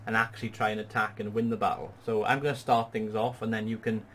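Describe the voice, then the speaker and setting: A man's voice: on the low side, flat delivery, quick pace, a bit bright, a little hiss or hum. A man hosting a gaming video, patiently walking a partner through a strategy battle with upbeat, explanatory commentary. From Wales. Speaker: gaming channel host. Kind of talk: strategy game tutorial commentary.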